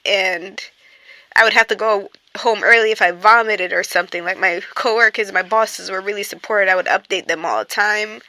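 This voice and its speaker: A woman's voice: mid-range voice, steady tone, brisk, bright, forceful tone, no echo. A young woman telling a personal story in casual storytime chat, rambling and full of fillers. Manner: rambling, filler-heavy, with frequent "like" and "I'm here like".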